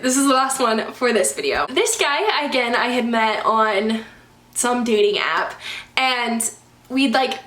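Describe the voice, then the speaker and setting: A woman's voice: high voice, fairly bright tone. A young adult woman telling storytime vlog stories in a chatty, exasperated way, with lots of "like" fillers. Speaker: vlogger. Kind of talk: storytime vlog, casual chat. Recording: echoey room.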